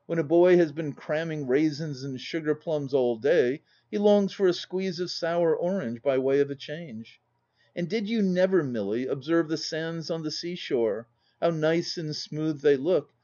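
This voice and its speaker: Brash, boisterous young country gentleman, voiced by a male reader, storybook audiobook, mellow and a little high, dull lo-fi sound. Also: natural voice. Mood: teasing.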